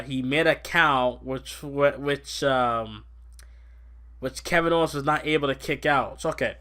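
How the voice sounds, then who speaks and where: A young man hosting a casual podcast, rambling excitably about wrestling and laughing often. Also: mid-range voice. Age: young adult. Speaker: podcast host. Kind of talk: casual wrestling recap chat.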